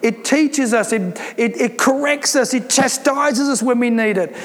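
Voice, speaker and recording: A man's voice: extremely high pitch, unhurried, in a large hall. A male pastor preaching a sermon, emphatic and repeating phrases for stress.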